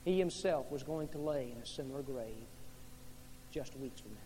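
A male pastor preaching a sermon with dramatic storytelling, shifting from hushed tones to loud peaks. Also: medium pitch, moderate pace. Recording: echoey hall with faint hum.

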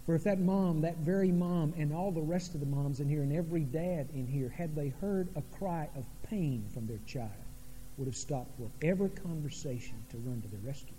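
High-voiced preacher in an echoing church. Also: male voice, warm tone, slight background noise. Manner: dramatic preaching, pauses and sudden drops in volume. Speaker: pastor. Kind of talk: sermon. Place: church sanctuary.

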